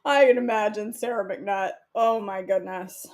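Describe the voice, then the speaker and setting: A woman's voice: mid-range voice, fairly even intonation, measured pace, a little mellow. A woman, chatting and joking to herself while she cooks for her vlog. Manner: giggly, joking, talks to herself. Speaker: cooking vlogger. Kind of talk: casual chat while cooking.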